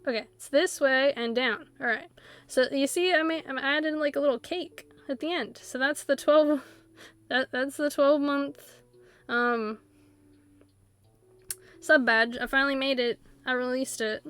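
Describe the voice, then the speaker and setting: A chatty woman with a high, light voice talks to her viewers on a game stream. She rambles happily and breaks into giggles often. Soft game music plays faintly underneath. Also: steady tone, unhurried. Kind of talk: casual live-stream chat while playing.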